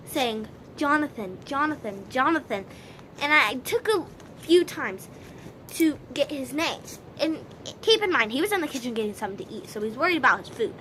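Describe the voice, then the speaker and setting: Woman vlogger, bright, crisp tone; casual, rambling storyteller. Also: high-pitched, a little hiss or hum. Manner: rambling, many "so" and "like" restarts.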